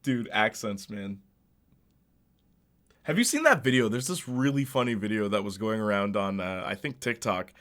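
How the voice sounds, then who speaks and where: Young male streamer, loose rambly gaming chat, pitch swinging up and down, laughs a lot. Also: lively intonation, moderate pace, fairly bright tone. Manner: rambling, laughs often, many restarts.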